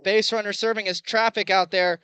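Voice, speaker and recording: Young male play-by-play announcer, bright and crisp, excitable. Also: sits high, a little fast, no room sound, poor audio. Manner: chatty, excitable, rises on big plays. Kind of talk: baseball play-by-play commentary.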